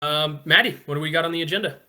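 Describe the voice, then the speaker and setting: A man's voice: a little high, racing, bright, forceful tone. A man hosting a casual podcast, upbeat and asking listeners to like and subscribe. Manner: upbeat, pushes likes and subscribes. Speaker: podcast host.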